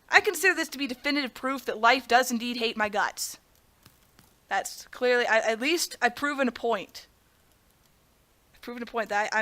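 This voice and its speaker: A young woman hosts a let's play as a gaming channel host, narrating her gameplay with melodramatic, self-mocking complaints and addressing her viewers as "guys." Her voice is fairly high, pushed, and bright.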